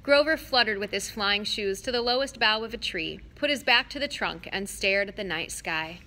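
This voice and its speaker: A woman reading a novel aloud with steady, expressive storytelling. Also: medium pitch, moderate pace. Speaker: audiobook reader.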